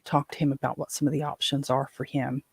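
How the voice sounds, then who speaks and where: A woman's voice: extremely low pitch, little pitch movement, quick pace, vocal fry, husky, no room sound. A middle-aged woman from West Virginia hosting her own show, rambling through exasperated stories with lots of fillers. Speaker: podcast host. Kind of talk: casual chat.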